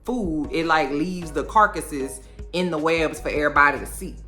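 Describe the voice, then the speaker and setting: A woman with a New Orleans accent, chatting through a TV episode recap in an animated, playful way and acting out the characters' lines. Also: deep voice, normal speed, faint music behind. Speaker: recap host. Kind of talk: casual TV recap chat.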